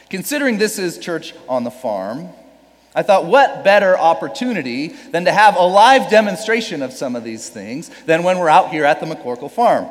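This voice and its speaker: A pastor with a slightly high voice delivers a conversational sermon at a church service on a farm, speaking casually and throwing rhetorical questions at the congregation. The long reverb of a large space surrounds his voice.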